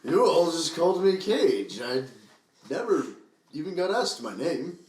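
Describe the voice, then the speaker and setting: A man's voice: fairly high pitch, very animated, measured pace, a little mellow. A man playing a tabletop game, sheepish and laughing in casual chat. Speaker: player. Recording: echoey room, mic far off, noisy.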